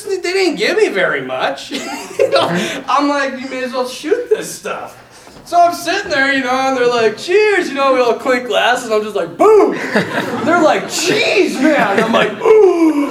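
A man telling a lively, self-mocking story to a crowd, acting out the voices of the people in it. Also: very high-pitched, unhurried. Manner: animated, self-mocking, acts out quoted voices. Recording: echoey room from a distance.

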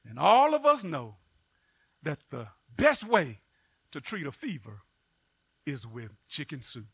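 A man preaching a sermon and telling a story, with animated delivery and sudden loud bursts. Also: a little high, slow, creaky, breathy edge, no echo.

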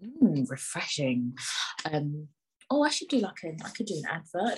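A woman's voice: deep voice, sing-song, moderate pace, background noise. A woman hosting a solo podcast, rambling in a chatty, joking, self-mocking way. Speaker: podcast host.

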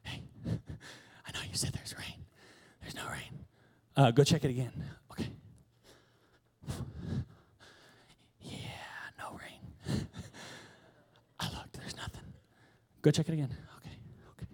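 A man's voice: medium pitch, fairly even intonation, normal speed, a little mellow, slightly rough, lightly acted. A man whispering as a weary male servant in a whispered role-play, sheepish and breathless. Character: weary male servant sent to look again.

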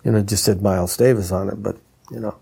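Talking fast in a low, creaky, husky voice, an older man shares anecdotes from his career as a trumpeter and instrument designer, now retired. Whenever he quotes someone, he animatedly imitates their voice.

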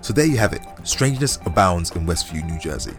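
A man's voice: sits low, sing-song, fast talker, soft background music. A man playing a stiff evening TV news anchor in a comedy sketch, with a formal, projected newsreader delivery.

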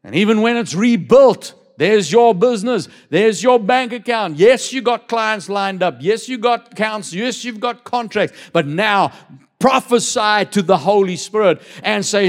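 A man's high-pitched, expressive voice carries a church sermon. As pastor, he reads from scripture and pushes the congregation to answer back in call-and-response, slowing down for dramatic emphasis.

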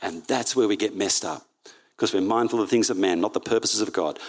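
A man's voice: lowish voice, brisk. A man preaching a sermon in church, reading Bible passages aloud and correcting himself as he goes. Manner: earnest, reads Bible passages aloud, frequent self-corrections.

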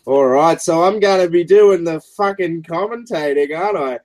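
A man's voice: a little high, normal speed, darkish tone, dry recording, pitched above the performer's own voice, lightly acted. A man voicing a crude, rowdy female wrestling announcer with an exaggerated Australian accent. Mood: hyped commentary. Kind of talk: improvised character voice.

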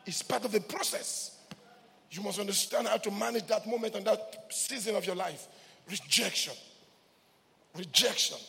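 A man preaching a sermon as pastor in a church, swinging from hushed lines to shouts and repeating key words. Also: sits high, creaky, long reverb tail.

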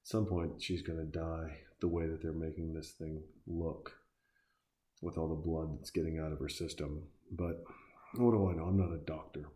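A man with a very low, mellow voice delivers casual reaction commentary. He is sarcastic and swears freely, talking back at the screen as he watches. His tone stays dark and relaxed throughout. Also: normal speed.

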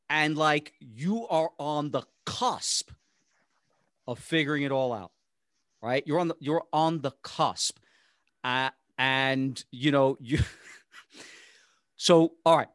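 A man's voice: fairly high pitch, a bit bright, dry recording, clean studio sound. A man hosting an interview, rambling and restarting his sentences as he sets up his question to the guest. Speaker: podcast host. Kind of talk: casual interview chat.

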